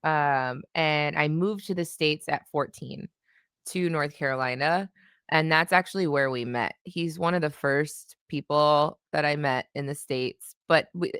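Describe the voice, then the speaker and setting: A woman's voice: sits low, a little slow, a bit bright, smooth, no echo, clean studio sound. A woman from Canada, a guest in a casual interview, telling stories and laughing through them often.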